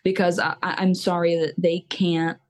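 Here a young female singer-songwriter chats on a podcast, talking candidly and at length, wandering off with plenty of fillers. She has a lowish voice that barely moves in pitch, delivered at an ordinary pace.

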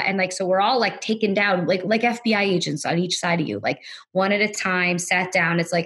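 Speaking fairly quickly, a woman with a lower voice, a bit of brightness and a breathy edge rambles through a story as a podcast interview guest. "Like" peppers her casual telling, and she slips into quoted voices for what others said.

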